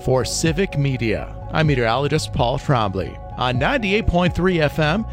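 A male meteorologist giving a scripted radio weather forecast in a measured read. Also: fairly high pitch, sing-song, over music.

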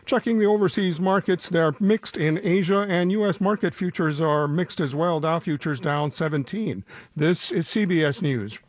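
A man anchoring a network radio newscast, reading headlines in a steady, measured way. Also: a little high. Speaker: news anchor. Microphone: dry studio microphone.

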